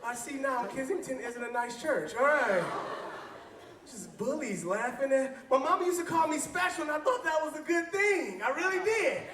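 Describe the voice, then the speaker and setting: A man with a very high, bright voice preaches as a youth pastor to a crowd of teens. He jokes and calls out to the room for answers. His voice sounds roomy and distant, picked up from across an echoing church hall. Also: big pitch swings, moderate pace. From Flint, Michigan. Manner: playful, call-and-response, often laughing. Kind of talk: joking youth sermon.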